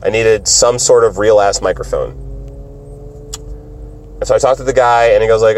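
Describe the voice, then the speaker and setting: A man's voice: lowish voice, moderate pace, pauses often, a little hiss or hum. A man telling a rambling, profane story in a casual vlog while driving his car, acting out other people's voices as he goes. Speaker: stand-up comedian vlogger.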